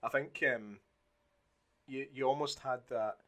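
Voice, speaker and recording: Podcast co-host, man, middle pitch, animated storyteller, swears, slips into put-on voices. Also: a little slow. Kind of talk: casual chat.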